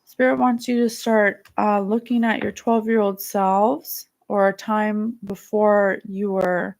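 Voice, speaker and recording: A psychic host speaks to her listeners in a soft, earnest and emotional tone. Her mid-pitched voice has a gravelly fry running through it. She talks like someone offering heartfelt spiritual advice. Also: flat delivery, slow. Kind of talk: spiritual guidance talk, reading viewer comments.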